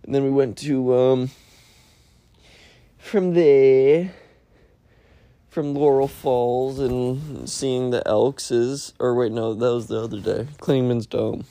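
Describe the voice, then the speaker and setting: A man's voice: medium pitch, steady tone, takes it slowly, pauses often, mellow, no room sound. A man hosting a casual solo podcast, rambling and profane, and making fun of himself as he goes. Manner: rambling, profane, self-mocking. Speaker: podcast host.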